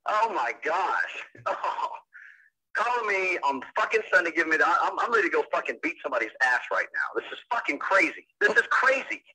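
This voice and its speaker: A man's voice: a little high, expressive, fairly quick, pushed and bright, breathy edge. Furious cursing man on a phone call. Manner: profane, furious, disbelieving outbursts. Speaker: prank call victim. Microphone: telephone line.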